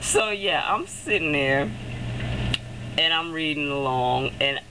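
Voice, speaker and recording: A woman's voice: sits low, expressive, slow. Young woman vlogging, telling a story, laughs a lot, traffic noise behind her. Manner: chatty, laughs often, acts out quotes. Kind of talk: casual storytelling. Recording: noisy background with passing vehicles.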